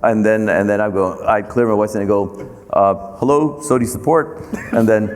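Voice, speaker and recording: A man being interviewed about his company, telling a long anecdote in a halting way, with many fillers and restarts. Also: on the low side, level tone, darkish tone, in a large hall, slight background noise. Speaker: company founder and CEO. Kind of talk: storytelling interview.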